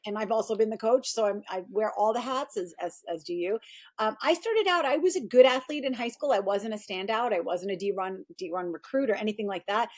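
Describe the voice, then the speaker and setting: A middle-aged woman, a performance coach, telling her story in a casual interview with animated energy and quoted voices. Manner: animated, acts out quoted voices in a high pitch.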